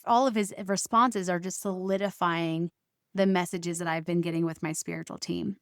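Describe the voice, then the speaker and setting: A woman's voice: fairly low pitch, fairly even intonation, moderate pace, no echo, studio quality. A woman podcast host telling a personal family story as a monologue, recounting arguments by quoting both sides with emphatic stresses.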